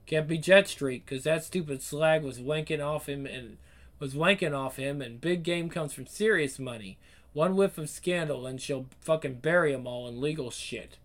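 A foul-mouthed, cynical British man, played by an actor, coolly works out who is worth betraying. His voice sits a little higher than most men's, and his tone stays level and calculating in this screen drama. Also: moderate pace, fairly bright tone, close to an everyday voice. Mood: scheming.

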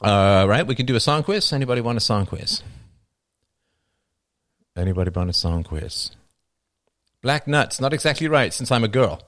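A man's voice: medium pitch, expressive, normal speed, pauses often, fairly bright tone. A middle-aged man hosting a livestream, reading viewer comments aloud and answering them with dry, wry jokes. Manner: dry joking, wry asides. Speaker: livestream host.

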